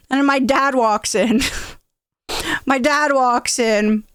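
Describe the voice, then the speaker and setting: A woman streamer telling a funny childhood story casually, animated and acting out voices. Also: high voice, drawn-out words, pauses often, clear, resonant tone, no echo, clean studio sound.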